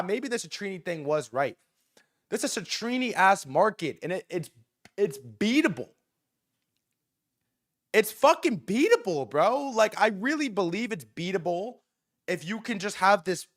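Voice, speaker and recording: A young man holds forth on a livestream in a fast, profane rant. His voice sits a little high for a man, jumping from loud excited bursts to low muttered asides. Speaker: livestream host. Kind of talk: hyped livestream market rant.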